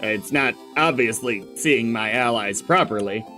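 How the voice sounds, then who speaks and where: A man playing a game and reading its story text aloud in a calm, slow, dramatic way. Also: mid-range voice, soft background music. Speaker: let's play gamer.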